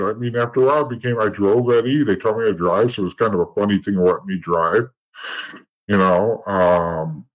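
A middle-aged man telling rough stories in a blunt, profane way, rambling with frequent restarts. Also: on the low side, poor audio. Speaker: guest. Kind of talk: casual storytelling.

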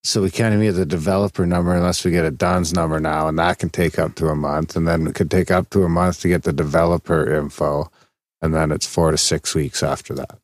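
A man with a very low voice trades blunt, swear-laced jokes on a casual podcast. His talk stays loose and offhand. The sound is dry and close to the mic. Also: fairly even intonation, a little fast, no echo. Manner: blunt, swears freely, joking asides. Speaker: podcast co-host.

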